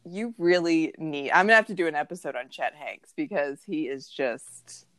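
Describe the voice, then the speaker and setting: A woman with a notably low voice co-hosts a casual podcast and trades gossip in a sarcastic, chatty way. The sound is dry and close, with no room around it. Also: normal speed, a bit bright, no room sound. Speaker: podcast co-host. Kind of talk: casual chat.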